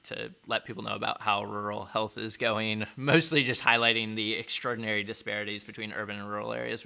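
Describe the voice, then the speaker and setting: Male host, sarcastic, rambling, gravelly edge, bright tone. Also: medium pitch. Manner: sarcastic, rambling with many fillers. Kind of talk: casual commentary on clips.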